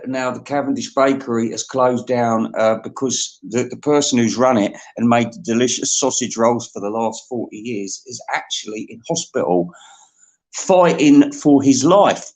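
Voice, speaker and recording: A man hosting a comedy podcast, rambling through a theatrical, mock-emotional monologue. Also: medium pitch.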